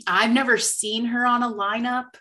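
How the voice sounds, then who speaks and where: A woman telling a story in casual chat, animated and quoting herself. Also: on the high side, normal speed.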